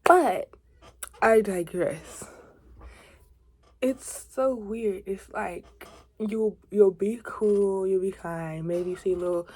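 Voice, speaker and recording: A woman's voice: mid-range voice, slow, a little mellow. A woman of twenty in a casual confiding vlog, rambling and chatty, with asides, self-corrections and dips into a whisper. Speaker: faith vlogger.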